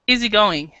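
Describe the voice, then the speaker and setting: A woman's voice: on the high side, pushed and bright, no echo. An American woman teaching an English class, patient and hesitant, with many fillers and restarts. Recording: dull lo-fi classroom recording.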